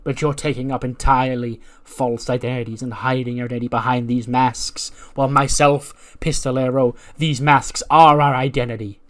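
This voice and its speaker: A man's voice: medium pitch, steady tone, normal speed, few pauses, natural voice. A man voicing a proud, defiant masked male luchador wrestler in a wrestling promo. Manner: declaring, taunting.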